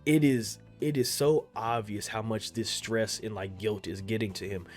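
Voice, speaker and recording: A young man giving casual commentary on an anime episode, rambling and profane, repeating himself and jumping suddenly loud and high when worked up. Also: moderate pace, soft background music. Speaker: anime reaction video creator.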